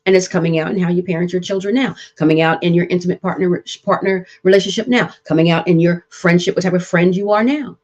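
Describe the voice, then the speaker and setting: A woman's voice: lowish voice, steady tone, fast, few pauses, a little mellow, muffled recording. A woman therapist hosting a live-streamed relationship talk, speaking earnestly and repeating points with preacher-like emphasis. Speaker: therapist and show host.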